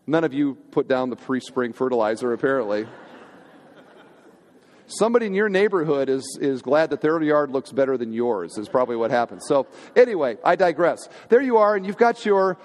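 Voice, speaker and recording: A man's voice: mid-range voice, very animated, moderate pace, a little mellow. A man, a senior pastor, preaching a sermon to his congregation in a conversational, humorous way, often asking the hall questions. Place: church sanctuary. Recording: long hall reverb in a church.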